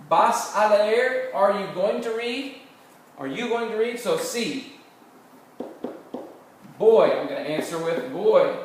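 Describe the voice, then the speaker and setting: A man teaching a recorded Spanish grammar lecture, patiently explaining step by step and slowly modelling phrases. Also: fairly high pitch. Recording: very echoey room, mic far off, faint noise.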